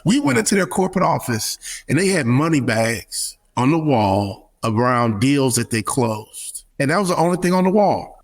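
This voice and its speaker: A man's voice: on the high side, creaky, breathy edge. A middle-aged man speaking emphatically as an interview guest, acting out quoted voices with a preacher-like rhythm. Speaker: guest speaker, former pro athlete and business advisor. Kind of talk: animated interview talk.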